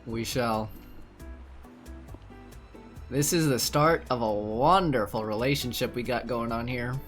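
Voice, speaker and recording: A game streamer reacting with excited, gushing commentary and frequent laughs. The delivery is unhurried, drawn out word by word, with quiet music in the background. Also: medium pitch.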